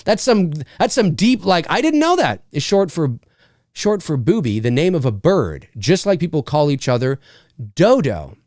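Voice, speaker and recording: A man's voice: a little high, normal speed, no room sound, clean studio sound. A North American man hosting a live stream, chatting casually and rambling through viewer comments. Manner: rambling, animated, lots of fillers and laughs.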